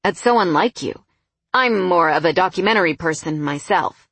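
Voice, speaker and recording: A woman's voice: on the low side, animated, moderate pace, a bit bright, breathy edge, no echo, full character voice. A woman voicing a guarded, sulky young man on a date who speaks bitterly and grudgingly.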